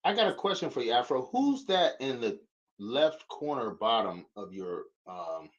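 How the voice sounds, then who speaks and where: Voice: medium pitch, sing-song, normal speed, husky. Teasing guest on a dull lo-fi line. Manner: teasing, hesitant questions. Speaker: livestream guest. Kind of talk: casual livestream chat.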